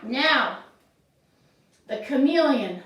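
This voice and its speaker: A woman's voice: high-pitched, expressive, very slow, fairly bright tone. A woman teaching children's yoga through a story, guiding in an encouraging, sing-song way. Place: yoga studio. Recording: echoey room, voice from far off.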